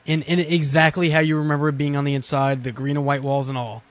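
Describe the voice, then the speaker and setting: Sardonic, profane male podcast co-host, rambling review chat, slightly high voice. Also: little pitch movement, fast talker, no room sound. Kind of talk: casual movie review chat.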